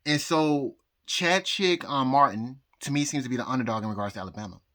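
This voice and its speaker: A man rambling in a casual vlog, full of pauses and restarts. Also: mid-range voice, fairly bright tone, no room sound, studio quality. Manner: hesitant, many ums and restarts. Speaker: vlogger. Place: outdoors, then indoors at home.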